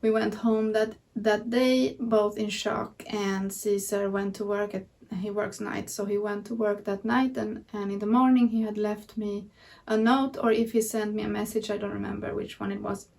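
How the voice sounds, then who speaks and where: A woman's voice: medium pitch, little pitch movement, moderate pace, vocal fry, a little mellow, far from the mic. A woman vlogger telling her personal story earnestly and candidly to camera. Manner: earnest, candid retelling of events.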